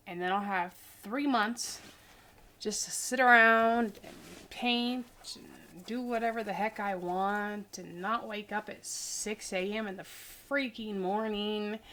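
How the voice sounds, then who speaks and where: A woman in her forties talks casually to her viewers, rambling and goofy. She sounds tired. Her voice sits at an ordinary middle pitch. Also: fairly bright tone. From Idaho, US. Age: 40s. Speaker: vlogger. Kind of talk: casual chat.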